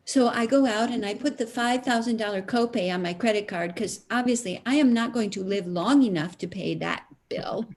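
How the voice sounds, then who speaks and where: A middle-aged woman telling a comic story in an animated, self-mocking way. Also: medium pitch, normal speed, few pauses. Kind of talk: comic storytelling at a live stream concert.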